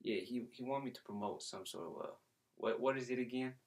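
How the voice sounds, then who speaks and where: A man's voice: mid-range voice, a little fast, lightly acted. A man putting on a brash New York fan. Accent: put-on New York. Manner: boastful, dismissive, rambling with fillers. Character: brash rich male Giants fan. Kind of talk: comedy skit on a phone call.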